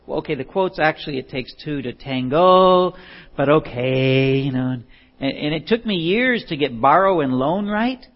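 Speaking about love, this man rambles through stories with a chuckle and pokes fun at himself along the way. His pitch is fairly high, his pace moderate, and the lo-fi recording sounds dull.

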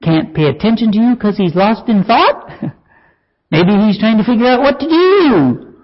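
A man preaching a sermon, animated and wry, breaking into chuckles and mocking asides. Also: sits high, a little slow, breathy edge, dull audio.

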